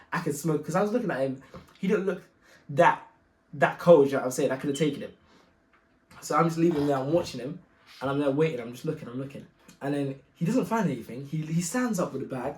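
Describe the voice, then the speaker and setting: A young man telling a story in a slangy, animated way, acting out the other people's voices. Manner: slangy, acts out voices, gets loud and high when excited. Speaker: guest telling his story. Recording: echoey room.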